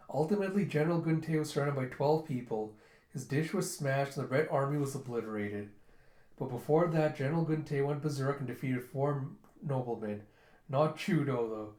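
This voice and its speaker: A man's voice: mid-range voice, moderate pace, a little mellow. A man casually reading a comic book aloud and narrating it, chatty and full of fillers. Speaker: book reviewer. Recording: roomy echo.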